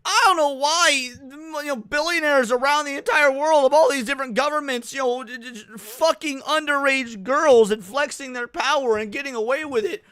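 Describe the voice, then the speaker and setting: A man's voice: extremely high pitch, moderate pace, few pauses, bright, forceful tone, no room sound, studio quality. A man hosting a live reaction stream, ranting heatedly with lots of swearing. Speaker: livestream host.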